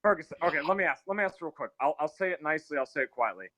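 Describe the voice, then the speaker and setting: Guy ranting fast and crude on a live stream, bright voice, dead dry sound. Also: on the high side, lively intonation, dry recording, low-quality recording. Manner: aggressive, profane, ranting with sudden drops to quiet. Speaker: guest on a live call-in stream. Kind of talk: heated live-stream argument.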